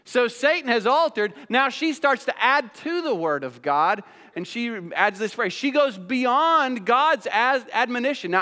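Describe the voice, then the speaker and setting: High-voiced male preacher in a reverberant hall. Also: a bit bright. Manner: preaching with rhetorical questions, rising emphasis. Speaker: pastor. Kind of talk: sermon.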